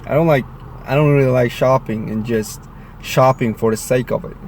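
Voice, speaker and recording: A man's voice: medium pitch, normal speed, a little mellow. Young man, rambling vlogger, put-on southern drawl, noisy phone recording. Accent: put-on southern American. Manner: chatty, rambling, putting on a southern accent. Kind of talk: casual vlog talk to camera. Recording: noisy phone vlog audio.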